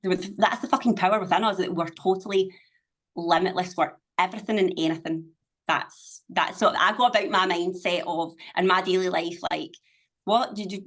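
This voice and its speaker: A woman's voice: on the low side, fairly even intonation, normal speed, fairly bright tone. A middle-aged woman, speaking as a podcast guest in casual conversation, emphatic and motivational, swearing freely. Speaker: podcast guest, business owner.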